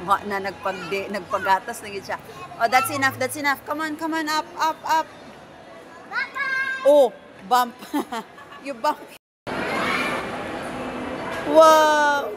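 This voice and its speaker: High-voiced Filipino mom coaxing her toddler. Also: slow pace, long pauses, crowd noise. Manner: coaxing, sing-song baby talk. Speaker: mother. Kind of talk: talking to a toddler. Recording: noisy outdoor recording.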